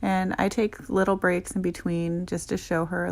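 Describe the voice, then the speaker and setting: A young adult woman, a dog groomer, giving gentle, chatty voice-over narration that explains her work. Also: on the low side, little pitch movement, moderate pace.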